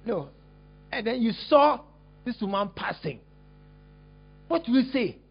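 A man preaching a lively sermon as a pastor, teasing and exclaiming at his congregation while acting out a scene. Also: very high-pitched, unhurried, creaky, slightly rough. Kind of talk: lively sermon with acted-out demonstration. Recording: dull lo-fi recording.

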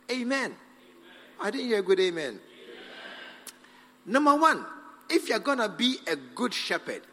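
A man's voice: sits high, bright, forceful tone. A man preaching a sermon as pastor, emphatic, calling for responses from the congregation and acting out little dialogues. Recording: long hall reverb.

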